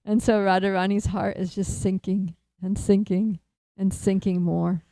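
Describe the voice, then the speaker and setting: A woman tells a devotional story in an animated, laughing way, full of little fillers. Her voice is mellow and soft-edged. The recording is close and dry. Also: mid-range voice, a little slow, no room sound, rough recording. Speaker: speaker at a temple feast.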